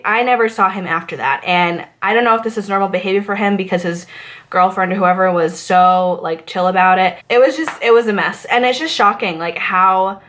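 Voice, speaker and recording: Chatty woman. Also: mid-range voice. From Massachusetts. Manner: chatty and animated, many fillers. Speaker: vlogger, former bartender. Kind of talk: storytime rant.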